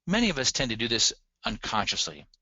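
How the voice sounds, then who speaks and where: A man's voice: mid-range voice, huge pitch swings, brisk, pushed and bright, husky, dry recording, lo-fi sound. A man giving a recorded lecture on relationship communication, earnest and emphatic, speaking straight to his audience.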